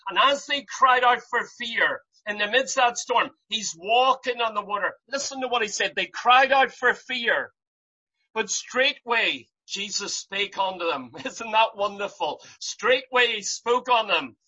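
A preacher delivering an impassioned sermon, piling up rhetorical questions and rising to loud cries. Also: mid-range voice, a little slow, husky, muffled recording.

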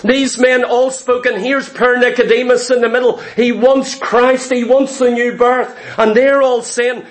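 Very high-voiced preacher. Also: male voice, little pitch movement, unhurried, hardly any pauses. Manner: emphatic, repeats phrases, rhetorical questions to the congregation. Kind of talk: sermon.

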